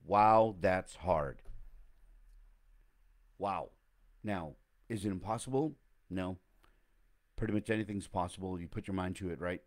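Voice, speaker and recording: A man's voice: low-pitched, unhurried, long pauses. A man hosting a casual motivational talk, rambling and reflective, often correcting himself mid-sentence.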